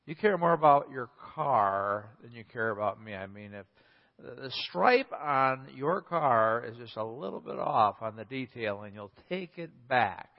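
A man's voice: mid-range voice, lively intonation, a little slow, voice pushed down. A man playing an accusing, hurt wife. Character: hurt, angry wife scolding her husband. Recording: echoey hall, slightly dull.

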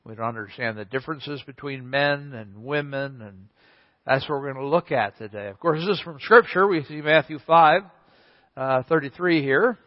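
A man's voice: medium pitch, normal speed. A male pastor preaching a sermon, telling a story and repeating key points for emphasis. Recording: echoey hall, slightly dull.

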